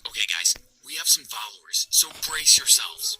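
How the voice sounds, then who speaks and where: An actor playing a calm, protective father on the run who gives orders, in an animated story. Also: a little high, normal speed, background noise. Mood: urgent.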